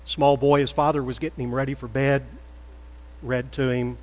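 An older man preaching a sermon in a church, stressing words loudly, then dropping to a soft prayerful tone. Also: mid-range voice, level tone, normal speed, big-room sound, poor audio. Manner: emphatic, swings between loud stresses and soft prayer. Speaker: pastor. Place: church sanctuary.

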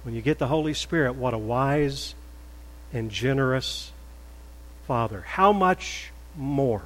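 An older man preaching a sermon in a church, stressing words loudly, then dropping to a soft prayerful tone. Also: mid-range voice, animated, slow, long reverb tail, rough recording. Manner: emphatic, swings between loud stresses and soft prayer. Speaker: pastor. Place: church sanctuary.

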